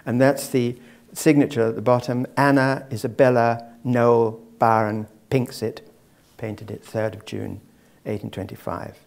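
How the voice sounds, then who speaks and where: A man's voice: medium pitch, level tone, measured pace, creaky, darkish tone. A man giving a public lecture to a live audience, discursive and dropping wry asides.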